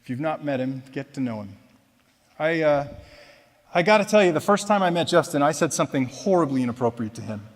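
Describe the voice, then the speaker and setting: A man giving a personal testimony at church, telling his story in a conversational, self-deprecating way that moves between lively retelling and quiet reflection. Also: on the high side, a little fast, in a large hall. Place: church auditorium.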